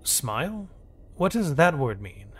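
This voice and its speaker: A man's voice: medium pitch, animated, faint music behind. A man voicing an anxious alien governor. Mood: hesitant. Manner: halting, fearful and hesitant. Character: anxious male alien governor, prey species.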